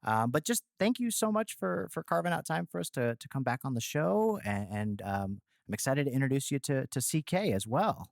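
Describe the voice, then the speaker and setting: A man's voice: medium pitch, very animated, normal speed, creaky, hardly any pauses, no room sound, clean studio sound. A Midwestern American man hosting a podcast, talking enthusiastically with lots of fillers and slang. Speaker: podcast host. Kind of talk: casual podcast chat.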